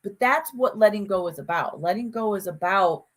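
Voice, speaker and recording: A woman's voice: mid-range voice, moderate pace. A woman co-hosting a casual conversation podcast, telling stories with lots of restarts and acted-out quotes. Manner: animated storyteller, frequent restarts and acted-out quotes. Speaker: podcast co-host.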